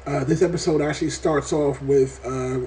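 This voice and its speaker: A man reviewing a TV episode in a casual vlog, talking in an animated, rambling way and swearing often. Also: a little high, normal speed, slight background noise. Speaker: TV show reviewer.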